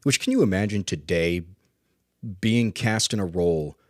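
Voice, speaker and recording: A man co-hosting a podcast in a relaxed, casual film chat, often chuckling. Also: low voice, moderate pace, no echo, studio quality. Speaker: podcast co-host.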